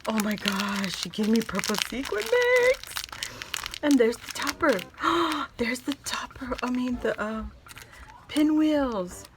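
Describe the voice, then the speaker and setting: A woman's voice: on the high side, sing-song, slow, background noise. A woman vlogger opening craft gifts on camera, gushing and exclaiming again and again in casual chat. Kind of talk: excited casual unboxing chat.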